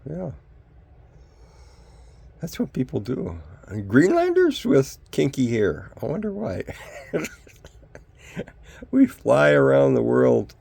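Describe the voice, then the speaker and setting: A man's voice: mid-range voice, huge pitch swings, slow pace, gravelly, pauses often, darkish tone, breathy edge, dry recording. An older man, ranting in a rambling vlog monologue full of rhetorical questions. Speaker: vlogger.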